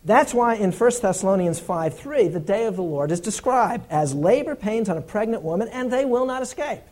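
A man preaching a sermon in an earnest, emphatic way, repeating his key points and dropping to a low, hushed tone when he tells stories. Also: lively intonation, moderate pace.

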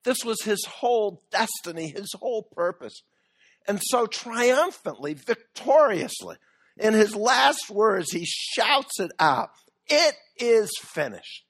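A man preaching a sermon earnestly, with measured pauses that build to emphatic peaks. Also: sits high, lively intonation, a bit bright, slightly rough.

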